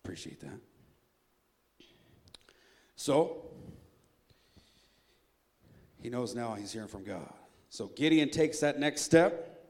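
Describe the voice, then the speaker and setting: A man preaching a sermon as a pastor, retelling a Bible story in a lively, joking storyteller's way and acting out the characters. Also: medium pitch, measured pace, pauses often. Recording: echoey hall reverb.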